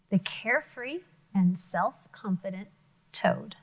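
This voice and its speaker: Woman teacher, unhurried, expressive picture-book reading for young kids, lots of questions, whispers now and then. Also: fairly high pitch, low-quality recording. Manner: expressive, asks children questions, drops to whispers. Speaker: elementary school teacher. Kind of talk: picture book read-aloud lesson for children.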